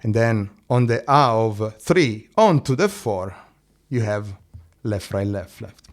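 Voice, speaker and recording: A man's voice: on the low side, animated, slow pace. Man teaching drums. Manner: counts aloud and sings drum syllables, asks "no?" and "eh?". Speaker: drum teacher. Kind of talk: drum lesson explanation.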